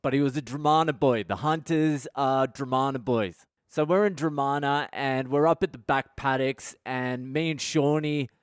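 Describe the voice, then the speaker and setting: An Australian man in his thirties hosting a podcast, telling a crude, animated story full of swearing. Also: medium pitch, moderate pace, few pauses, clear, resonant tone, no echo, studio quality. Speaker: podcast host. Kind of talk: storytelling monologue.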